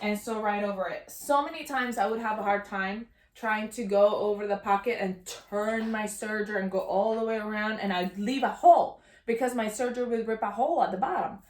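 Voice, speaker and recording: A woman's voice: medium pitch, brisk, hardly any pauses. A young woman hosting a sewing tutorial, bubbly and self-teasing, talking as she works at a serger. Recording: roomy echo, faint machine noise.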